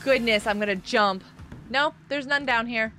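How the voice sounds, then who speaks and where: A woman hosting a live gaming stream, chatting excitably as she plays and reads out and thanks viewers from the chat. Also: on the high side, moderate pace, soft background music.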